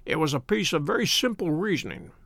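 A cool, sharp-minded detective lays out his reasoning in a quiet, dry and exact way in an audiobook, as a man reads him. The voice sits high and moves with lively inflection, with a gravelly grain. The recording is close and dry. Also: brisk, no echo, exaggerated voice. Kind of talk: audiobook character voice.

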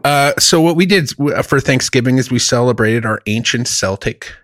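A man co-hosting a comedy podcast, chatting casually with profane jokes and quick asides. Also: mid-range voice, fairly bright tone, no echo. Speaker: podcast co-host.

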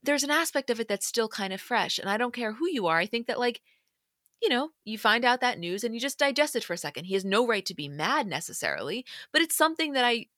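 A woman's voice: on the high side, sing-song, fast, sharp tone, no room sound, clean studio sound. A woman co-hosting a podcast, casually and analytically talking through a reality show, thinking aloud with fillers. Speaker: podcast co-host.

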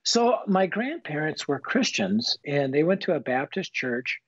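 A man in his fifties, a guest telling his personal faith story in an earnest, animated, folksy way. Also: fairly high pitch, measured pace, husky, no room sound. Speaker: guest author. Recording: slightly muffled, dull recording.

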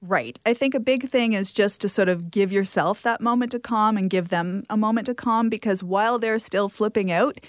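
A woman's voice: medium pitch, normal speed, few pauses, no room sound. Casting: woman, parenting expert guest, reassuring and chatty, dry close sound. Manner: warm, reassuring, chatty with light laughs. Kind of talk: interview answers.

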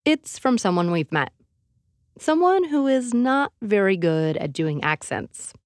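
A woman hosting a podcast, giving measured, dramatic scripted narration. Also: mid-range voice, very animated, a little mellow, dry recording, clean studio sound. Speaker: podcast host.

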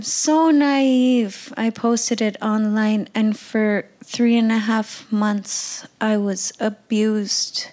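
A woman's voice: mid-range voice, darkish tone. Blunt, fervent young woman from the Arctic. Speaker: speaker sharing her views. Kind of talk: impassioned personal talk.

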